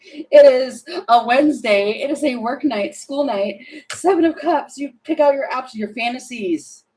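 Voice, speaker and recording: A woman's voice: sits high, moderate pace, dark tone, poor audio. A woman doing a casual tarot reading, chatty and thinking aloud, often laughing and breaking off. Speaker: tarot reader.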